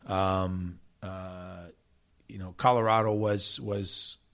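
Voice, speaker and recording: Lively storytelling middle-aged man. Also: deep voice, slow pace. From South Jersey, USA. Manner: animated storyteller, frequent restarts. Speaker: soccer coach and former player, guest. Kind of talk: casual interview storytelling.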